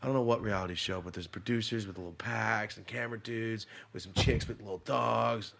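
A young man hosting a casual podcast, telling stories in an animated way with lots of swearing and acted-out quotes. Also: on the low side, fairly quick, creaky. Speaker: podcast host. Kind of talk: casual chat.

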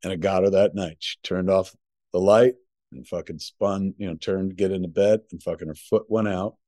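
A man's voice: low voice, fairly even intonation, moderate pace, warm tone, no room sound, clean studio sound. A middle-aged man co-hosting a podcast from home, telling a long, rambling story packed with profanity. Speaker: podcast co-host. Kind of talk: casual chat.

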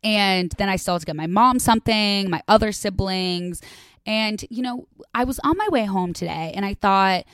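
A woman's voice: medium pitch, moderate pace, a bit bright, smooth, no room sound, studio quality. A young woman hosting a podcast, talking from her condo in a casual, dramatic confessional monologue full of "like" and casual swearing. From Chicago area, USA. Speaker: podcast host. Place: home, a condo.

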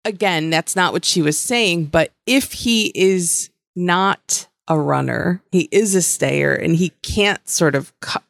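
A blunt, profane woman co-hosting a podcast, chatting casually and restarting her sentences as she goes. Her voice sits somewhat low and sounds dry and close to the mic. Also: slow pace, gravelly, few pauses, dry recording. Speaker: podcast co-host. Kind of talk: casual chat.

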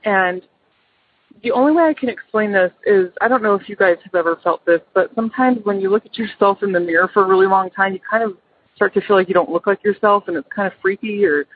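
A woman's voice: medium pitch, fast talker, slightly rough, no room sound. A middle-aged mother calling in to tell a personal ghost story, hesitant, with many ums and restarts. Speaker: caller. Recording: phone line.

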